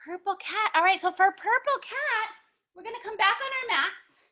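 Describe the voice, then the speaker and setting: A woman leading a children's yoga lesson, animated and encouraging, with sing-song storybook chanting as she greets kids by name. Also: very high voice, normal speed. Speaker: kids' yoga teacher.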